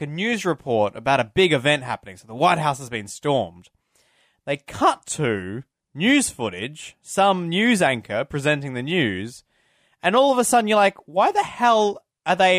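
A man co-hosting a film podcast, excitable and chatty, thinking aloud and laughing often. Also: on the high side, no echo, studio quality. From Australia. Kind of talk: casual chat.

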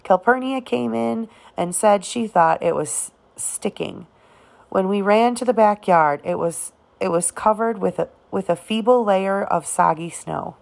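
A woman narrating an audiobook of a novel, reading in a halting way with occasional restarts on words. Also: mid-range voice, creaky. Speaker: audiobook reader.

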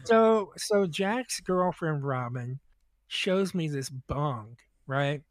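A man's voice: fairly high pitch, animated, very slow, dry recording, studio quality. A man on a podcast, telling a rambling, profane story in casual chat, full of restarts.

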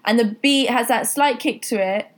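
A woman's voice: on the high side, normal speed. A young woman hosting a casual podcast chat, talking loosely with lots of fillers. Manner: chatty, laughing, lots of fillers. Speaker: podcast host. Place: apartment.

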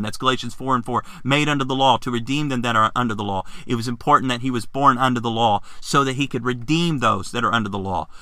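A man's voice: mid-range voice, bright, forceful tone, no echo, clean studio sound. A man teaching a Bible lesson in an earnest, fervent way, often stumbling and restarting his phrases.

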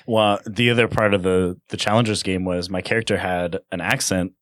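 A man's voice: deep voice, fairly even intonation, fairly quick, no echo. A man co-hosting a casual podcast chat, rambling with lots of fillers. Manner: rambling, filler-heavy, self-conscious. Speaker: podcast co-host.

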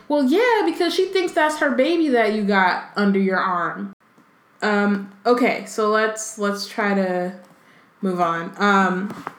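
A woman co-hosting a podcast, talking through a book chapter in a loose, filler-heavy way with playful asides. Her voice sits at a mid pitch. The room around her rings with a noticeable echo. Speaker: podcast co-host. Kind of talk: casual book-club chat, reading passages aloud.

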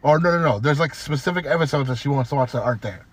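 A man co-hosting a podcast in casual chat, telling a story in a profane, animated way and mocking the people in it. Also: mid-range voice, racing, breathy edge. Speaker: podcast co-host.

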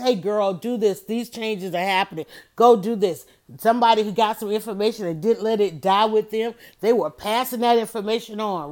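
A middle-aged woman hosting a motivational livestream, speaking in an animated, preachy way and often telling listeners to write things down. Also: mid-range voice. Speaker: livestream host.

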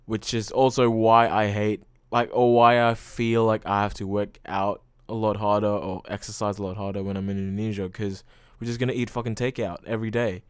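A young man talks through a casual solo podcast in a smooth, resonant, fairly low voice. He rambles freely, leans on filler words and swears often. The sound is dry and close, with no room around it. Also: flat delivery, brisk, few pauses, no echo. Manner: rambling, full of "like" and frequent swearing. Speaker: podcast host.

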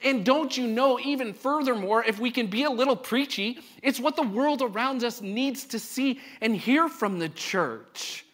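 Male pastor, casual sermon delivery, rhetorical questions to the room, bright tense tone. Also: very high-pitched, moderate pace, few pauses. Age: adult parent of a young child. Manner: conversational and joking, asks the congregation rhetorical questions. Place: church.

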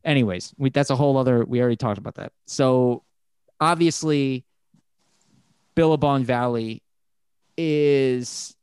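A man talking casually about music, rambling and swearing, and he gets animated when excited. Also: medium pitch, measured pace, pauses often, smooth, dry recording, studio quality.

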